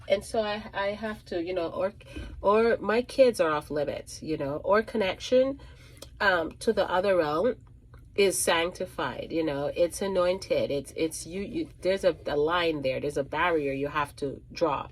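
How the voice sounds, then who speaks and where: A woman's voice: fairly low pitch, husky. A woman working as a psychic medium, telling a casual storytime monologue in a rambling way, restarting and repeating phrases with many ums.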